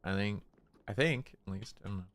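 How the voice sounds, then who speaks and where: This game streamer talks casually in a relaxed, subdued manner with little expression, purposely pitching his voice lower. Background noise can be heard.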